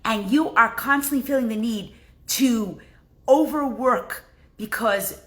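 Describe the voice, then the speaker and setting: A woman teaching a religious class, leading a slow, soothing meditation and lesson. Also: a little high, fairly bright tone.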